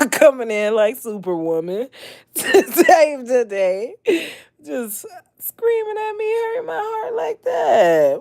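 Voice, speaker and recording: A mother hosting a casual late-night livestream, expressive and laughing often, swinging between loud outbursts and hushed talk. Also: high voice, creaky, no room sound. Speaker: livestream host.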